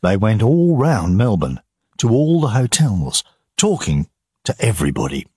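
A man narrating an audiobook for learners in a slow, measured reading. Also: fairly low pitch, big pitch swings, a little mellow, husky, no echo, studio quality.

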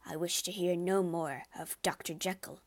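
A man's voice: high voice, fairly even intonation, moderate pace. A woman voicing a shaken, frightened male doctor who speaks in a trembling voice, in a storybook reading. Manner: trembling, fearful.

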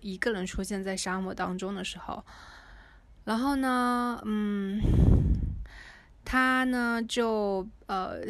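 A woman reading a book aloud and explaining it in a careful, unhurried way with pauses and fillers. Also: medium pitch, a bit bright, no echo. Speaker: reader and explainer.

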